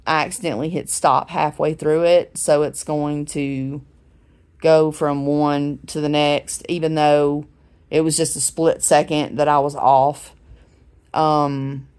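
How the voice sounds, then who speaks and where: A woman in her forties speaks slowly in a low voice, like a vlogger talking to her viewers. She rambles and fills the gaps with ums, and she sounds a bit unwell while she sits in her recliner at home. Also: flat delivery, a little mellow, smooth. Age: 40s. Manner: rambling, chatty storytelling with many fillers. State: unwell, recovering from a head injury. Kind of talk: casual talking-to-camera vlog.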